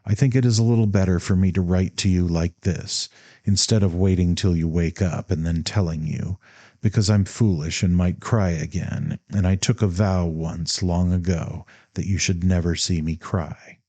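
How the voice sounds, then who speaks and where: A man's voice: sits low, steady tone, normal speed, warm tone, dry recording. Man reading as a tender devoted mother. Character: tender, devoted middle-aged mother writing to her son.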